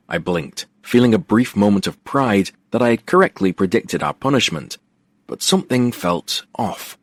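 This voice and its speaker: A man narrating a romance audiobook in the first person, wry and expressive, on a close studio mic. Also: lowish voice, normal speed, no room sound.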